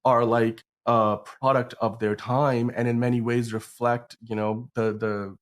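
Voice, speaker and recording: A man's voice: medium pitch, little pitch movement, measured pace. A man hosting a podcast in a casual chat, rambling with lots of fillers and restarts while sounding sick. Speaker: podcast host.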